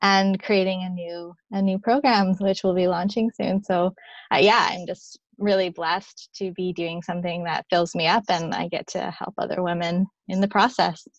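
Gravelly-voiced woman life coach, dry and dull. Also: lowish voice, steady tone, moderate pace, no echo. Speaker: life coach, podcast guest. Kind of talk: casual interview chat. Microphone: video call.

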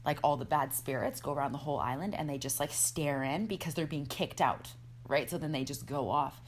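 A woman chatting casually as a podcast guest, an animated storyteller talking about energy and spirits with sudden excited jumps in her voice. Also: low-pitched, brisk, a little hiss or hum. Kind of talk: casual chat.

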